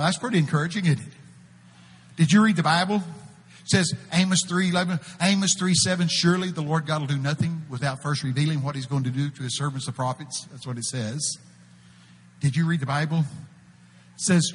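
A man preaching a sermon, telling folksy stories and breaking out to shout quoted prophecies before dropping to a hush. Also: fairly high pitch, fairly quick, breathy edge, in a large hall. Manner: animated, folksy, shouts out quoted prophecies, swings between loud and hushed. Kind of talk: sermon with storytelling. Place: church.

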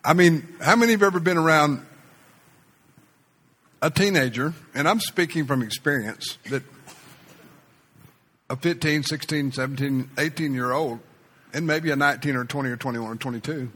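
A man's voice: fairly high pitch, moderate pace, pauses often, fairly bright tone. A male pastor preaching a sermon as a personal story, in a storytelling style that acts out the quoted voices. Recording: reverberant hall.

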